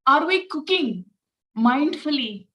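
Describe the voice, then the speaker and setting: A woman spiritual teacher guides listeners through a quiet reflection. She speaks unhurriedly, in a fairly high voice, asking one gentle question after another. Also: expressive, slow pace, poor audio. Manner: gentle, repeated rhetorical questions.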